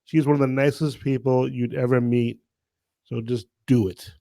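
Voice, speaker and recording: A man co-hosting a casual podcast chat, telling stories in an animated, stumbling way. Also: mid-range voice, normal speed, gravelly. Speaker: podcast co-host.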